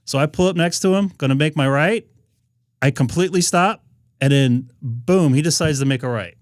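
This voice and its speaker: A man's voice: a little high, moderate pace, dry recording, clean studio sound. A man hosting a ham radio live stream, talking casually and rambling with frequent fillers and restarts.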